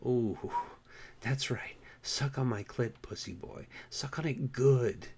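Man voicing a husky, bossy dominant woman. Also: medium pitch, a little mellow. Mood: teasing. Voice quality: husky, breathy. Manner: commanding, teasing, slow.

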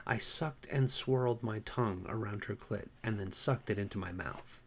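A man, an author, who chats casually in a wry, relaxed way and then reads his own story aloud. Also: fairly low pitch, moderate pace, gravelly, few pauses, slight background noise. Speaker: self-published author reading his story.

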